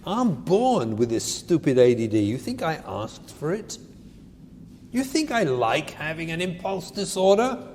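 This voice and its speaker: A man's voice: a little high, big pitch swings, unhurried, darkish tone, in a large hall, a little hiss or hum. A man voicing a child who pleads and admits his own faults, in a self-deprecating way. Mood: pleading.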